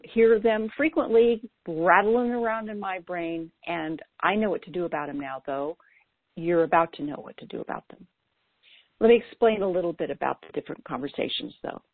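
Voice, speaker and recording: A woman's voice: mid-range voice, dry recording. A woman coach with ADHD giving an earnest, lightly playful scripted talk about self-talk. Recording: dry, tinny phone-like sound.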